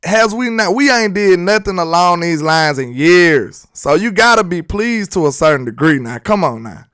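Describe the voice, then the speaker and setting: A man's voice: high-pitched, lively intonation, moderate pace, fairly bright tone, clear, resonant tone, dry recording, clean studio sound. A young man from Alabama with a Southern US accent, hosting live sports talk in a loose, joking, slangy way while reading viewer chat.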